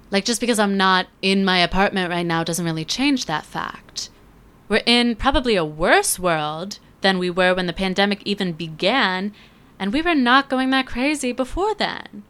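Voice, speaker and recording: Brief: woman in her 20s, podcast host, casual sarcastic chat, smooth clear tone. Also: medium pitch, a bit bright. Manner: chatty, sarcastic, puts on quick voices for others. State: feels she is losing her voice.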